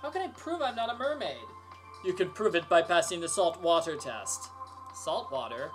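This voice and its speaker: A man doing a smug villain who drawls his threats slowly and coolly. Clear music plays behind the voice. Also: high voice, lively intonation. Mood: menacing. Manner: smug, slow and menacing. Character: sly villainous male kidnapper, smug and menacing.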